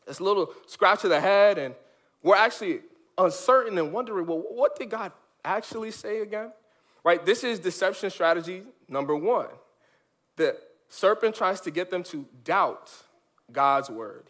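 A man preaching a lively sermon for children, animated and emphatic, with big swings from high to low. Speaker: children's pastor. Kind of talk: sermon for kids.

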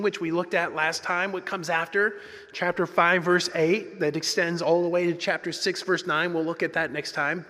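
A man's voice: high voice, bright, forceful tone. A male pastor delivering an earnest, conversational sermon in a church, sometimes restarting his phrases. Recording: long reverb in a large hall.

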